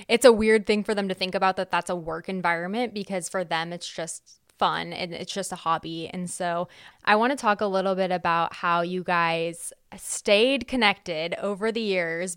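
A woman hosting a casual chat, speaking in a relaxed, reflective way and putting questions to her guests. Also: fairly low pitch, smooth, no echo, clean studio sound. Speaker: host.

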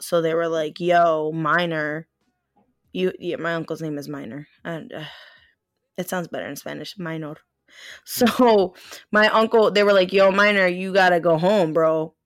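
Young woman on a podcast, chatty and animated, swears a lot, dry close sound. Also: lowish voice, no room sound. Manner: animated, swears a lot, many fillers, laughs while telling. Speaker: podcast co-host. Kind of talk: casual chat storytelling.

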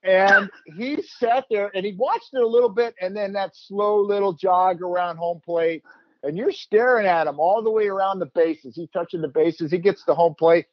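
High-voiced animated male storyteller. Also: moderate pace, dry recording. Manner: animated, laughing, acts out quotes. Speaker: host, former player. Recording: dull, lo-fi dry sound.

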